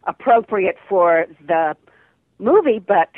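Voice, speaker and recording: A woman's voice: medium pitch, animated, slow, no room sound. An older woman, an actress, chatting in an interview over the phone and laughing often. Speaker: actress guest. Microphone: telephone. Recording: tinny dry phone line.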